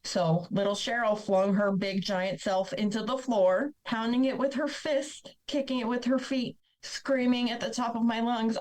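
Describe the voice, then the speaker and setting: A woman's voice: a little high, steady tone, a little slow, few pauses, a little mellow, rough recording. A woman speaking as a podcast guest, telling her own painful life story in a blunt, candid, emotional way. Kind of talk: personal storytelling.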